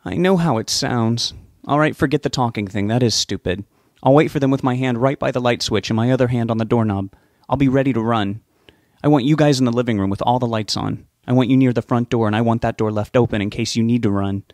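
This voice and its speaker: A man's voice: medium pitch, fast talker, darkish tone, dry recording, clean studio sound, lightly acted. A man reading an audiobook, voicing an anxious, stubborn young man who talks in an earnest, pleading way. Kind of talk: audiobook character voice.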